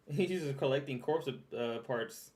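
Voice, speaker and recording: A man's voice: mid-range voice, takes it slowly, a little mellow, slight background noise. A young man streaming a casual reaction to a recap video, chatty, laughing often and repeating himself as he talks.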